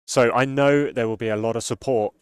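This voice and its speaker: A man's voice: medium pitch, a little fast, smooth, no echo, studio quality. Upbeat male play-by-play caller. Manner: upbeat, steady and explanatory. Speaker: play-by-play commentator. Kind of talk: live card game commentary.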